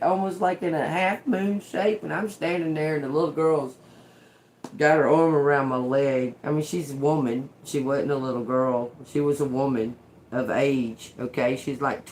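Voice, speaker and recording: A woman's voice: sits low, darkish tone, a little hiss or hum. A middle-aged woman telling a story in casual chat, swearing freely and breaking into laughter. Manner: profane, laughs often while telling. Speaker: tarot reader and channel host.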